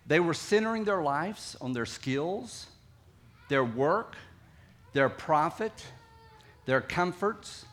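A middle-aged man with a Southern American accent preaching a sermon earnestly, swinging between emphatic lines and soft, quiet ones. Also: fairly high pitch, lively intonation, slow, long pauses. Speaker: pastor.

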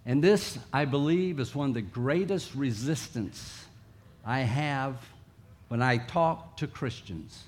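A man's voice: mid-range voice, animated, slow pace. A man preaching a sermon in a conversational way, sometimes acting out coaxing voices. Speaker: pastor.

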